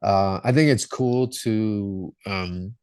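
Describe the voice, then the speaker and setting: A rock singer appearing as a podcast guest tells stories earnestly and reflectively in casual interview style. His lowish voice is slow, darkish, clear and resonant, captured in a dry, studio-quality recording.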